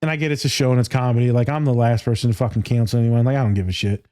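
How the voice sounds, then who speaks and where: A man's voice: mid-range voice, fairly even intonation, very fast, warm tone. A man hosting a casual podcast chat, talking about his clients bluntly and profanely with plenty of laughter. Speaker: podcast host, therapist.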